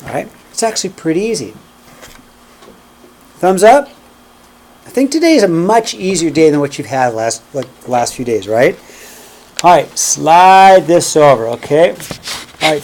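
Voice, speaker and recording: Math teacher guy talking a class through graphing, kinda higher voice, counts out loud, a little background noise. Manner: checks in constantly with "okay?" and "right?"; counts steps aloud while graphing. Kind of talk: classroom lecture.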